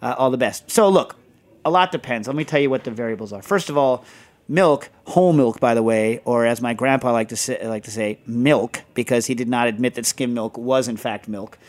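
A man's voice: mid-range voice, fairly quick. Rambling, digressive male podcast host. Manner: rambling, digressive, heavy on fillers. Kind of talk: casual chat.

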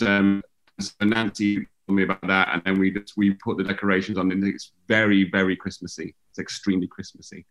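A man's voice: low voice, fairly bright tone. A man, a musician guest on a video call, talking in a rambling, hesitant way full of fillers. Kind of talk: casual conversation.

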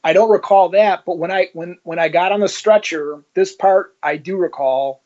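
A man's voice: high voice, moderate pace, highs cut off. A man, a former police officer, being interviewed and telling his story in a conversational way, acting out the dialogue. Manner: animated, acts out dialogue in his stories.

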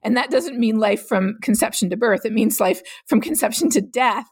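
A woman's voice: a little high, normal speed, a little mellow, husky, dry recording. Middle-aged woman guest, earnest explainer, dry close sound. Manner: earnest, explanatory, laughs easily. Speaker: climate scientist guest. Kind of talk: podcast interview.

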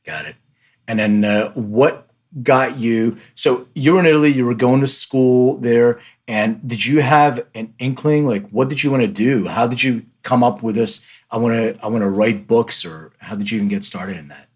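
A man's voice: mid-range voice, normal speed, breathy edge. A man with a Philadelphia accent hosting a podcast interview, chatty and friendly, often restarting his questions. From Lithuania. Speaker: podcast host. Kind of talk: casual interview chat.

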